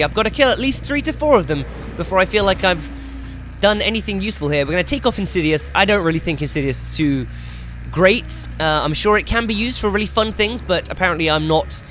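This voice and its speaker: A young man commentating his own gameplay as he plays, excitable and swearing loudly whenever things go wrong. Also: sits high, quick pace, slight background noise. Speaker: gaming YouTuber.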